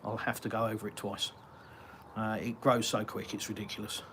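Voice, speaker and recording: A man's voice: on the low side, level tone, normal speed, a bit bright, a little hiss or hum. Rambling Englishman hosting a live chat. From Britain. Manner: rambling and chatty, many ums and uhs, reads comments aloud. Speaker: live-stream host answering viewer chat.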